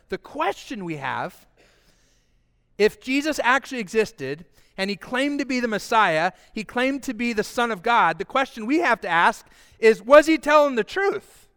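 A man preaching an Easter sermon as pastor, lively and calling the congregation to repeat after him. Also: sits high, clean tone. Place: church sanctuary with congregation. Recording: long hall reverb.

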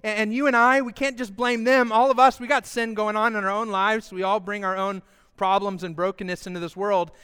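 A man preaching an Easter sermon as pastor, lively and calling the congregation to repeat after him. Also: high voice, brisk, clean tone. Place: church sanctuary with congregation. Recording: long hall reverb.

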